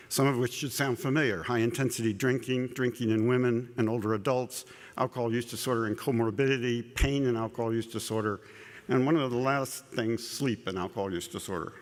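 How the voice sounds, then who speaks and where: A man giving a conversational scientific lecture at a conference, often repeating words and dropping humorous asides. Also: mid-range voice. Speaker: conference speaker. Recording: long echo of a large hall.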